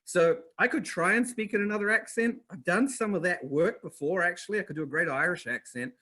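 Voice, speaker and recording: A man with a New Zealand accent hosting a live online masterclass, upbeat and energetic, talking straight to viewers in chat. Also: sits high, a little fast. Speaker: webinar host.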